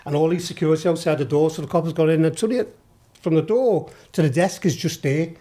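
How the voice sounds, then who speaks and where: Middle-aged Scouse bloke, raised voice, spins wild yarns with plenty of swearing and laughter. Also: male voice, a little high, fast. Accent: Liverpool Scouse. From Liverpool, England. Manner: animated, swears a lot, laughs while telling. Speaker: podcast guest. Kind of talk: storytelling anecdote.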